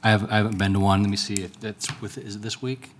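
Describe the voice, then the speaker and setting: A low, flat-voiced man on a city council speaks in a halting way, full of fillers. A faint room hum sits behind him in the council chambers. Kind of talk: casual meeting update.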